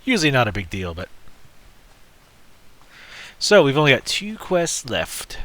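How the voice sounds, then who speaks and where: A man's voice: mid-range voice, wildly swooping pitch, a little slow, a bit bright. A man giving casual, joking and rambling commentary while playing a video game. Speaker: let's play host.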